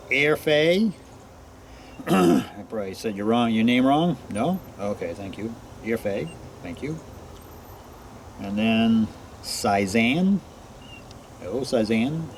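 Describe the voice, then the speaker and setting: A man vlogging outdoors in a forest, greeting unseen listeners one by one and answering for them in a quieter voice. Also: lowish voice, animated, slow, pauses often, slight background noise. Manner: greets each name, then answers himself in a quieter voice. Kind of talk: casual talk to unseen listeners.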